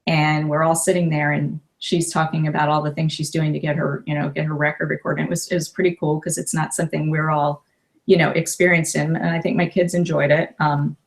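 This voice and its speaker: Effusive gravelly-voiced woman coach. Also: low voice, flat delivery, brisk. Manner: effusive, emotional, many restarts. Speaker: life coach and author. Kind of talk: casual interview chat.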